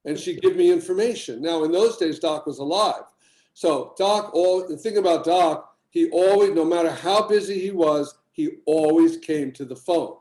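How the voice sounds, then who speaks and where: An older man with a mellow, somewhat high voice tells long, rambling stories in a casual podcast chat. He livens up when he quotes other people. The sound is roomy and echoey. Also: normal speed. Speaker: healing practitioner guest.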